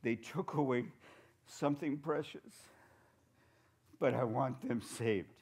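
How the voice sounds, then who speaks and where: A man's voice: mid-range voice, slow, darkish tone, husky. A man voicing his elderly mother, a firm, devout woman who scolds her grown son with fondness. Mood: earnest.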